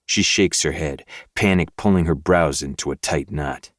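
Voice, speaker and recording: Brief: very deep male narrator, dry close recording, steady audiobook read. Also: moderate pace, dry recording. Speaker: podcast host reading a novel aloud. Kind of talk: first-person audiobook narration.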